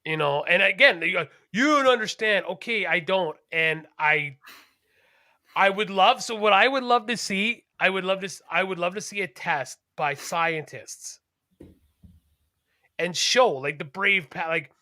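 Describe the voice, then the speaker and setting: A man co-hosting a podcast in casual chat, rambling, animated and profane. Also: high voice, unhurried, dry recording, studio quality. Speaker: podcast co-host.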